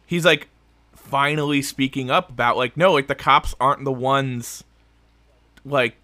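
A man's voice: mid-range voice, steady tone, unhurried, sharp tone, no room sound. A man co-hosting a podcast in casual chat, rambling with restarts, swearing freely and laughing. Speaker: podcast co-host.

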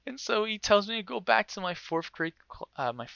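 A young man casually telling a story, animated and swearing freely, acting out other people's voices. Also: high-pitched, brisk, vocal fry, dull audio, slight background noise.

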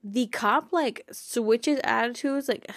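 A woman's voice: fairly high pitch, slow pace, a bit bright, no room sound, studio quality. A woman hosting a casual fan podcast, bubbly and giggly, rambling with lots of "like" and "you know.". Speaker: podcast host.

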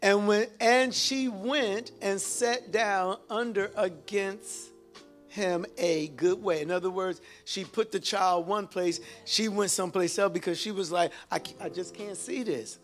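A man's voice: high-pitched, steady tone, a little slow, soft background music. A man preaching a sermon, reading scripture and calling out to the congregation for responses. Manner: exhorting, calls out to the congregation.

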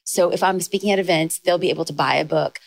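A young adult woman talking as a podcast guest in casual chat, telling stories in quick bursts and jumping higher when she quotes people. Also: gravelly, no room sound. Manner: storytelling, fast bursts with excited rises in quoted lines. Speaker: podcast guest, author and speaker.

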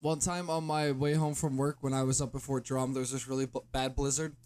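A man's voice: mid-range voice, little pitch movement, brisk, darkish tone. A man co-hosting a podcast, telling a rambling story in casual chat. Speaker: podcast co-host.

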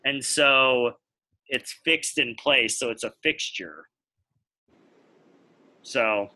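A man's voice: medium pitch, drawn-out words, bright, forceful tone. An American man co-hosting a podcast, explaining things at length in casual chat while thinking aloud. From United States. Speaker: podcast co-host.

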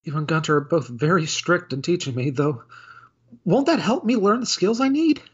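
Man in falsetto as a flustered, stammering maid. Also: animated, normal speed, breathy edge. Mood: pleading. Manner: squeaky, apologetic, stammering. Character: clumsy flustered young maid. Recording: dull lo-fi audio.

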